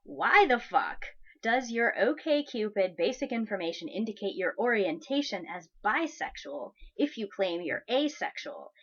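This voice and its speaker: A woman voicing a crude, entitled male online suitor, reading his message aloud with loud, mocking emphasis. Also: mid-range voice, very animated, a little slow, muffled recording. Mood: mocking, leering.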